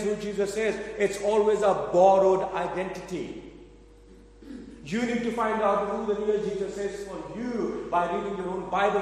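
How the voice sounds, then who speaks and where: Preacher in an echoey hall. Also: male voice, high-pitched, a little mellow. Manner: conversational, addresses audience with questions. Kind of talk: sermon with storytelling.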